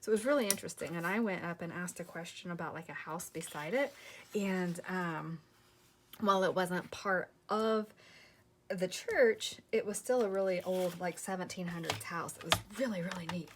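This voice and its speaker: A woman's voice: lowish voice, moderate pace, slight background noise. A tired woman hosting a crafting channel, chatting casually and rambling to viewers as she works on a journal. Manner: chatty, rambling, talks to viewers while working.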